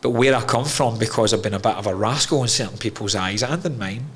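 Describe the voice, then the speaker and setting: Man, podcast guest, lowish voice, frank and emotional, swears a lot. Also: fast, a bit bright, a little hiss or hum. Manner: frank and emotional, swears freely, calls the host mate. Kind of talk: candid personal storytelling.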